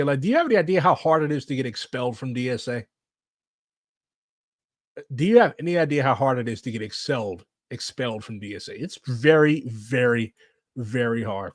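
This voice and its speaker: A man's voice: mid-range voice, no room sound, studio quality. A man giving casual, blunt political commentary while reacting to clips, swearing and saying "like" a lot. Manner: blunt, animated, swears, fillers like "like".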